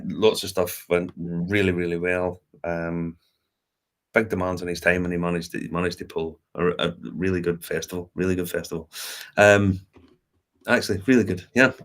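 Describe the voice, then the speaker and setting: A man's voice: deep voice, fairly bright tone. A man chatting casually as a podcast co-host, telling stories with plenty of laughs and swearing. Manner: laughing storyteller, swears freely. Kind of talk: casual chat.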